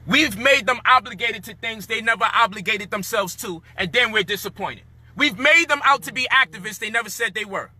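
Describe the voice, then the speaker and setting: A man's voice: sits high, a little fast, pushed and bright. A man delivering a frustrated, profane, lecturing rant. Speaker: commentator. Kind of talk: heated monologue rant.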